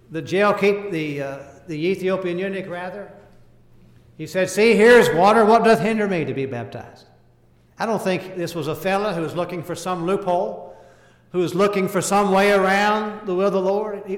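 In a spacious, echoing hall with a long reverb tail, a man preaches in a fairly high voice. His sermon comes in short, earnest bursts that swell and drop in volume, and scripture quotes slip into King James language.

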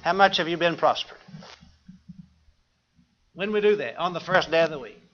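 A man's voice: a little high, animated, moderate pace, lo-fi sound, a little hiss or hum. A man preaching a sermon, quoting scripture and putting questions to the congregation.

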